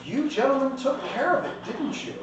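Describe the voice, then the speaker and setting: A man voicing a greedy, scheming ship captain who flatters and bargains, recorded from a distance in an echoey room with a faint hum. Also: very high voice, normal speed, highs cut off, voice pushed up. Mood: probing.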